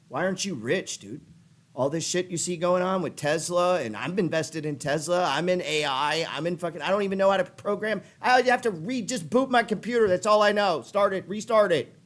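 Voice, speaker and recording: A middle-aged man with a fairly high voice rants about trading, swearing and pushing hard. He talks at a desk mic by his computer. His voice climbs and gets louder as he works himself up. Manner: fired-up, swearing, pushy. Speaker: trading show host. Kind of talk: profane motivational rant.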